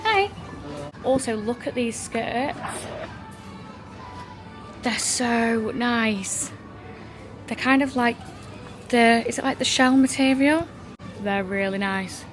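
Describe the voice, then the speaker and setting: A woman's voice: a little high, lively intonation, takes it slowly, pauses often, soft background music. A young woman from England with an English accent, chatting casually to her phone camera in a travel vlog, gushing and filler-heavy. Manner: chatty, gushing, lots of "like" and "oh my God". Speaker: travel vlogger.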